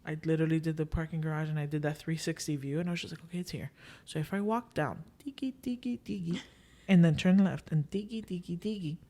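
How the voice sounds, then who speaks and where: A young woman hosting a podcast, telling a story in casual chat, acting out what people said and slipping in Spanish filler phrases. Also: low-pitched. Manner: lively retelling, acting out quoted dialogue. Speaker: podcast host.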